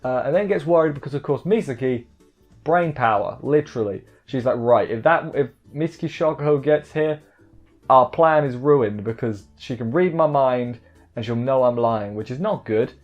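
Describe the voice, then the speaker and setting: A man recapping an anime episode in casual chat, joking and rambling with quick asides. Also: mid-range voice, lo-fi sound, faint music behind. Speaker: anime reviewer.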